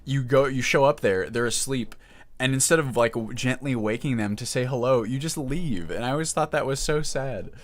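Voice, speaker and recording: A man's voice: mid-range voice, normal speed. A man streaming live in casual chat, rambling and emotional, often breaking off mid-sentence. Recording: music playing in the background.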